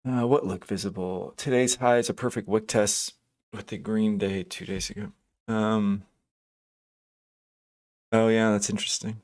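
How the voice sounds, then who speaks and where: With a darkish, fairly low voice, a man speaks at a measured pace with fairly even intonation and frequent pauses. He's hosting a live day trading stream, casually commenting on the market while thinking aloud over charts, hesitant and full of fillers, restarts and self-corrections, greeting chat viewers by name.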